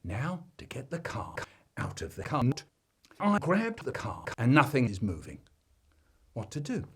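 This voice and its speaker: A man spins a comic family tale, his husky voice leaping all over the place in pitch. His telling is broad and theatrical, with sudden jumps between hushed asides and loud exclaims. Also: a little slow. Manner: animated storytelling with big swings in pitch and volume. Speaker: storyteller. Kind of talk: comic family storytelling, chopped into a remix.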